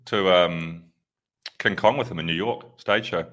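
Low-voiced man bantering. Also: unhurried, a bit bright. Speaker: podcast co-host. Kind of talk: casual chat.

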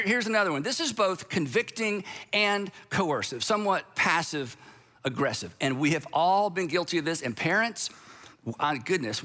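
A man preaching a sermon in a conversational way, posing rhetorical questions and acting out what people say. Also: high voice. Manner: animated, acts out quoted voices.

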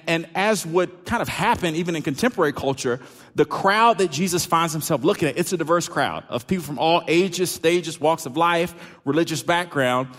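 A middle-aged pastor, preaching a sermon in a loose, conversational way with lots of fillers. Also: male voice, a little high, fairly bright tone. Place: church sanctuary. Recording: hall reverb.

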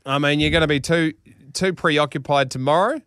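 A man's voice: a little high, moderate pace, fairly bright tone, smooth, no echo, clean studio sound. A young adult man, co-hosting a podcast, reading a listener's story aloud and chatting, laughing and swearing casually. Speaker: podcast co-host.

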